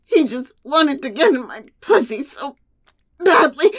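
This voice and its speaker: Very high-pitched breathless woman. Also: very animated, measured pace, a bit bright. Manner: breathless, moaning, teasing. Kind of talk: erotic audio role-play.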